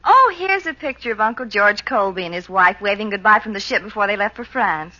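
A woman's voice: mid-range voice, animated, brisk, sharp tone, highs cut off. An actress playing a sweet but impatient young girlfriend in a 1940s radio comedy. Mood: exasperated. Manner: scolding, exasperated.

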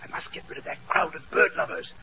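A man's voice: quick pace, sharp tone, dull audio. A man voicing a pompous middle-aged English barrister who narrates in a plummy, melodramatic way, on a hissy old radio recording.

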